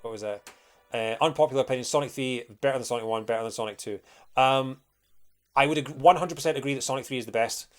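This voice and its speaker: A young man with a Scottish accent chats casually while streaming a game, rambling and using plenty of fillers. He speaks quickly in a medium pitch, with faint music behind him.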